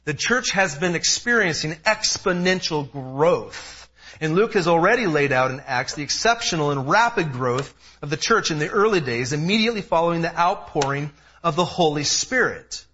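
A man in his thirties preaching an expository sermon, emphatic and animated, with personal asides. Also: on the high side, normal speed, slight background noise. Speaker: pastor. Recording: dull lo-fi sound.

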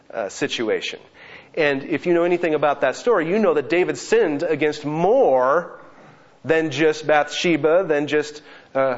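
A man in his thirties preaching a sermon, earnest and with lively asides. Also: mid-range voice. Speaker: pastor. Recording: slightly dull lo-fi sound.

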